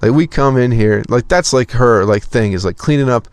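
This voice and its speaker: A man's voice: mid-range voice, moderate pace, a little mellow, smooth, no room sound. A young man telling a profane, exasperated story as a podcast host in a casual comedic rant.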